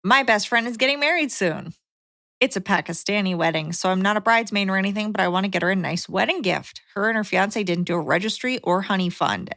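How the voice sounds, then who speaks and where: A woman co-hosting a podcast, reading listener letters aloud in a plain, steady way. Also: mid-range voice, no room sound, clean studio sound.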